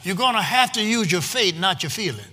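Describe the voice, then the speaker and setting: A preacher, delivering a sermon with rhythmic call-and-response and frequent shouting. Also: male voice, sits high, animated, fairly quick. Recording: long hall reverb.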